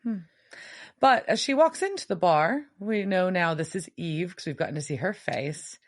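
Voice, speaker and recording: A woman's voice: fairly low pitch, normal speed. A young adult woman, a podcast co-host, recapping a TV episode in casual chat with wry asides. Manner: animated storyteller, wry asides.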